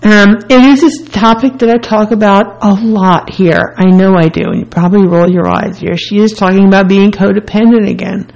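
A woman's voice: medium pitch, steady tone, moderate pace, gravelly, hardly any pauses, darkish tone, low-quality recording. A woman hosting a self-help radio talk, speaking earnestly and candidly in short repeated phrases. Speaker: radio host.

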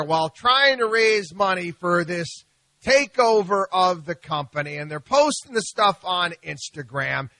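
A man hosting a financial talk radio show, telling stories in an animated, mocking way with frequent restarts. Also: high voice, no echo. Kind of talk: opinionated talk radio monologue.

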